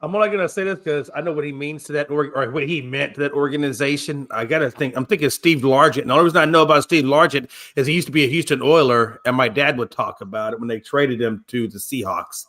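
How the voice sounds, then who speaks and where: Bright-voiced teasing man. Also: mid-range voice, fast, hardly any pauses. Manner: teasing, animated. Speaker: panelist. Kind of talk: casual sports chat.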